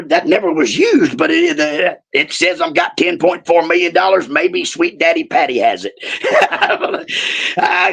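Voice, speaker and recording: Gravelly, profane man. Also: on the high side, a bit bright. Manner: profane, rowdy storyteller. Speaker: wrestling guest. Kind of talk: casual storytelling chat.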